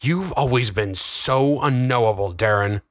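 A frantic young man, pushed far above the reader's own register, shouting and pleading in anguish, as a male narrator puts him on. The voice sounds dry and close to the mic. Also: medium pitch, expressive, normal speed, no room sound, voice pushed up, natural voice. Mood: threatening. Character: young man, desperate and furious.

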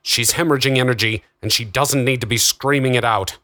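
A man's voice: medium pitch, fairly even intonation, brisk, pushed and bright, no room sound, voice pushed up, natural voice. A man voicing a curt, commanding doctor in an audiobook. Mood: clipped. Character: stern commanding male doctor.

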